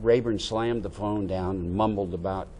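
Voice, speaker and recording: An older American man, a veteran, telling a lively story from his youth and acting out the dialogue. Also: lowish voice, moderate pace, slight background noise. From United States. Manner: animated anecdote-telling with quoted dialogue. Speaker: veteran interviewee. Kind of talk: oral history storytelling.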